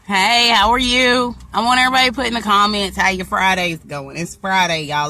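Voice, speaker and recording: A woman's voice: medium pitch, fairly even intonation, brisk, few pauses, bright, forceful tone. A woman vlogger chatting casually and playfully on a live stream, recorded on a phone while out and about. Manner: chatty, playful, laughs often. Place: in a car and out in town. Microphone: phone camera. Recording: phone recording with clear street noise.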